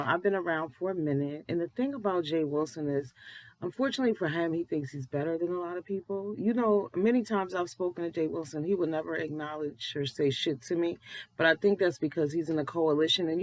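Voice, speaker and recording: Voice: medium pitch, no echo, low-quality recording. Blunt, profane early-morning vlogger. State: just woke up, early-morning voice. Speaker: commentary vlogger. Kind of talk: casual commentary.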